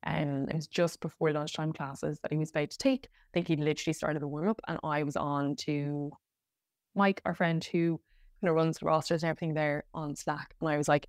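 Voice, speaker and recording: A woman's voice: low-pitched, fairly even intonation, brisk, no room sound, clean studio sound. An Irish woman hosting a podcast, telling a personal story in a candid, rambling way with many fillers and restarts. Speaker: podcast host.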